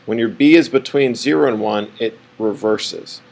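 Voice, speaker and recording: A man's voice: mid-range voice, normal speed, creaky, darkish tone, rough recording. A man teaching a math lesson, rambling and correcting himself as he draws on the board. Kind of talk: classroom lecture.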